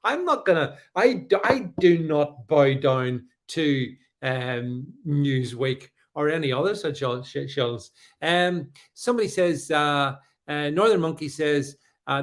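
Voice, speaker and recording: A man's voice: a little high, lively intonation, a little slow. A middle-aged man hosting a live stream, combative and sarcastic, with many fillers and restarts as he reads out viewer comments. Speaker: livestream host.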